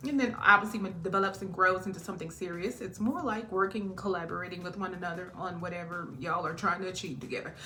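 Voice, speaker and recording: A woman's voice: lowish voice, steady tone, fast talker, few pauses, bright, forceful tone, a little hiss or hum. A woman giving a casual tarot reading in a chatty way, laughing often and drifting off topic. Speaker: tarot reader.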